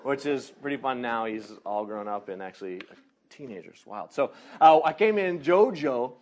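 Animated male preacher telling stories. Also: medium pitch, normal speed. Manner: animated storytelling, laughing, acting out voices; quiet and earnest when preaching. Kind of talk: sermon with a personal story.

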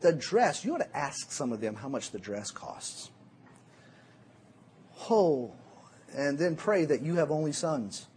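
Animated, high-pitched male Bible teacher. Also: a little slow, pauses often, noisy background. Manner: animated, jokey storytelling. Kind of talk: sermon.

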